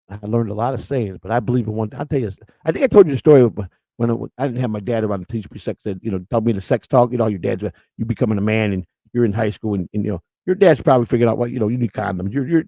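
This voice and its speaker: Gravelly-voiced man teasing his chat. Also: fairly low pitch, warm tone, dry recording, poor audio. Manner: loose, joking, teasing chat users by name. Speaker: podcast host. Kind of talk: crude live-chat banter.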